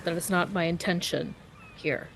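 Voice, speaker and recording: A woman voicing a calm, measured knight who speaks formally and deliberately. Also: on the low side, gravelly, slight background noise, low-quality recording. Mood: reassuring.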